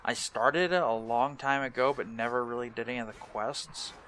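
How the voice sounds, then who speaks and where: A young man hosting a relaxed let's play, talking in a laid-back, rambling and self-mocking way. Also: mid-range voice, normal speed. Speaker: gaming channel host.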